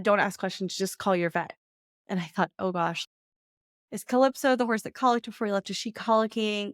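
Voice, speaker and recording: A woman's voice: mid-range voice, no echo, clean studio sound. A woman, hosting a podcast and candidly telling a personal story, laughing often as she talks. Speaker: podcast host.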